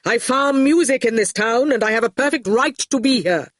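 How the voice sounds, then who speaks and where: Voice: medium pitch, normal speed, no echo, studio quality, pitched above the performer's own voice, lightly acted. Reader putting on a proud, proclaiming showman. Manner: proclaiming loudly. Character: proud flamboyant grown man, grandly theatrical. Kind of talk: audiobook character voice.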